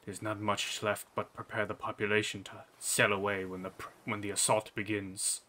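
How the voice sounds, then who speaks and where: Man doing a stern aging king, grave and heavy, bright-toned, mid-pitched. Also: steady tone, unhurried. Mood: disappointed. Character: aging male king, stern and quick to rage.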